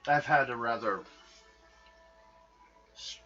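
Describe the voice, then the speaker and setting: A man's voice: mid-range voice, slow, pushed and bright. A man voicing a weak-voiced male vampire count who speaks in a formal, clipped and disdainful way. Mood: weary. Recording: dull lo-fi recording, faint music behind.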